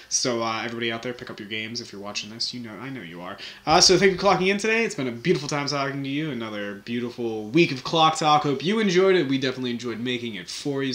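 A man's voice: medium pitch, a bit bright. A young man hosting a casual weekly recap of his channel's videos, rambling and joking with lots of fillers and restarts. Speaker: channel host recapping the week.

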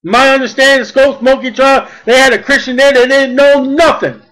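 A man preaching a sermon, blunt and folksy, mocking at times and rising to shouts. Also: very high voice, fairly even intonation, brisk, poor audio.

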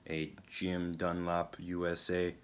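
A man's voice: deep voice, completely flat delivery, takes it slowly, a little hiss or hum. A man jokingly putting on a Russian accent while showing off guitar picks. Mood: playful. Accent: mock Russian. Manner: hammy, playful.

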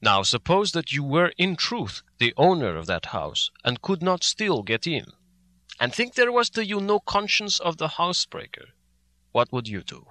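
Old foreign professor, read by a man; earnest, bright-toned, persuasive. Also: on the high side, sing-song, normal speed, dry recording, voice pushed up. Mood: gentle. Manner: earnest, reasoning, broken formal phrasing.

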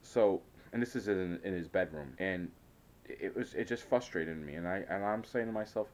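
A man's voice: sits low, normal speed, darkish tone. A man telling a rambling, hesitant story in a casual vlog, often frustrated and full of restarts. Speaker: vlogger.

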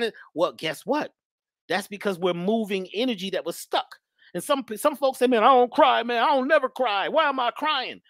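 A woman's voice: mid-range voice, fairly bright tone, no room sound, clean studio sound. A woman giving an emphatic spiritual talk in a preachy manner, often repeating her phrases. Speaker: spiritual speaker.

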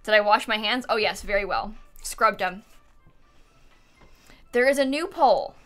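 A young woman with a medium-pitched voice streams a life-sim game from home over a headset, speaking at a measured pace with faint music in the background. She chats live with her viewers, giggles often, and thanks them for subs.

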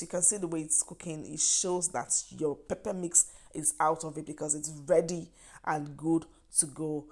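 A woman's voice: low voice, a little mellow. A woman with a Nigerian accent walks viewers through a recipe in a chatty, encouraging way, often stressing her points with "yes" and "trust me". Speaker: cooking vlogger. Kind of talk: cooking demonstration.

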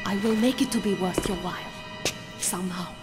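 A woman's voice: mid-range voice, steady tone, a little fast, over music, natural voice. An actress playing a stern, protective older female scientist who speaks formally and pleads. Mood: pleading. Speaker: game character, a scientist.

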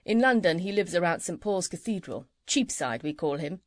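A woman voicing a gentle, kindly male country doctor who chats fondly, in a lowered voice. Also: expressive, normal speed, no echo, clean studio sound, close to an everyday voice. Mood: fond, chatty.

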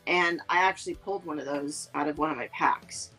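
A woman with a fairly low voice chats casually on a podcast, rambling through her story with plenty of fillers and restarts. Faint music plays behind her. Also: steady tone, brisk, bright, forceful tone, low-quality recording. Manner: rambling, filler-heavy, lots of "like" and "um". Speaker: podcast co-host. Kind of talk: casual chat.

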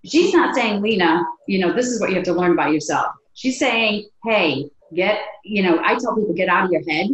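Woman guest on a podcast, lively storyteller who acts out quotes, recorded in a roomy space. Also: mid-range voice, brisk, few pauses. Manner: animated, acts out quoted dialogue. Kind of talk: conversational storytelling. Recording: echoey room.

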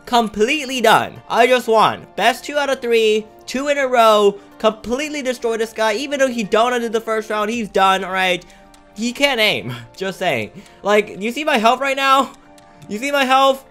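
A man giving excitable, trash-talking commentary over his own gameplay as a gaming YouTuber. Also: very high voice, normal speed, soft background music.

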